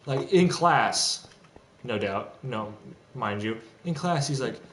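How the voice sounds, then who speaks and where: A man's voice: mid-range voice, animated, takes it slowly, fairly bright tone. A young man ranting in an agitated, profane, rambling monologue with frequent restarts, recorded in a home room with faint typing behind. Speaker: streamer. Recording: echoey room, faint background noise.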